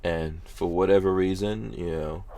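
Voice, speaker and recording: Give me a man hosting a casual podcast, low voice, meandering and hedging as he talks. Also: steady tone, moderate pace, mellow, slight background noise. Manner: rambling, full of hedges and restarts. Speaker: podcast host.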